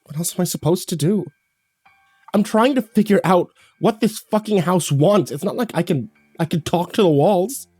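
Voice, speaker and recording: A man voicing an exhausted, frightened mother in a horror story reading, shaky and strained, his voice lifted higher. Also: expressive, fairly quick, mellow, no room sound, soft background music, lightly acted. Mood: desperate.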